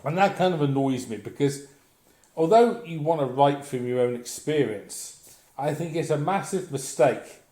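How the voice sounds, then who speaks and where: A man's voice: mid-range voice, warm tone. A man delivering a blunt, profane, sardonic comic rant as a vlogger. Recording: echoey room.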